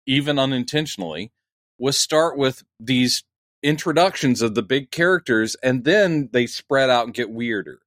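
A man talking in a loose, musing podcast chat at a middle pitch. He thinks out loud in quick asides. The mic is dry and close. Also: animated, no echo. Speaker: podcast co-host.

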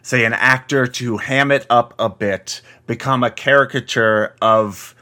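Male podcast co-host, bright voice, casual filler-heavy movie banter. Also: medium pitch, a little slow. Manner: loose, filler-heavy, chuckling.

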